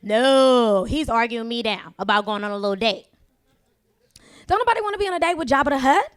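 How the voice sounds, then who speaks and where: A woman's voice: fairly high pitch, animated, fairly quick, clean tone, no echo, studio quality. A woman performing a stand-up comedy set on a club stage, talking in a sassy, confiding way to the crowd.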